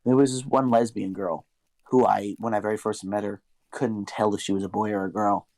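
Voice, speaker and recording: A man's voice: lowish voice, steady tone, fairly quick, darkish tone, dry recording. A young man co-hosting a podcast, telling a story in casual chat, swearing a lot and talking with animation. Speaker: podcast co-host.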